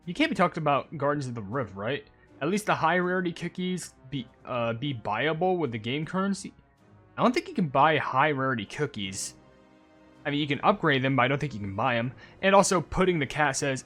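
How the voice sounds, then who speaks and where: A young man rambles excitedly through casual gameplay commentary. His voice sits a little high, and game music plays faintly behind him. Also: moderate pace. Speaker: gaming YouTuber.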